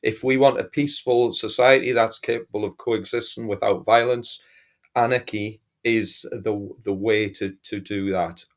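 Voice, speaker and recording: A man's voice: lowish voice, fairly even intonation, moderate pace. A man speaking as a guest in a casual chat, earnest and rambling with restarts.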